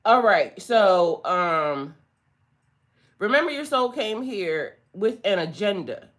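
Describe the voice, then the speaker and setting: A woman's voice: medium pitch, very animated, slow pace, fairly bright tone. Blunt, profane woman giving a spiritual reading. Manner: blunt, profane, sassy and emphatic. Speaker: spiritual tarot reader. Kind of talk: casual livestream reading.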